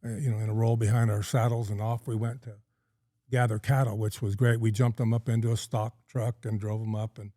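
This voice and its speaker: A man's voice: lowish voice, little pitch movement, fairly quick, dark tone, dry recording, studio quality. A middle-aged man from California, a podcast guest telling a long story in a folksy, rambling way with plenty of ums and uhs. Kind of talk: casual storytelling in a podcast interview.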